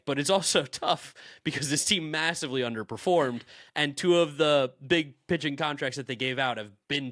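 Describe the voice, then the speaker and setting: A man with a slightly raised voice co-hosts a sports podcast in lively, opinionated chat. His voice sits close and dry, with no room sound at all. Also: on the high side, no echo. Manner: animated, opinionated, laughs easily. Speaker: podcast co-host.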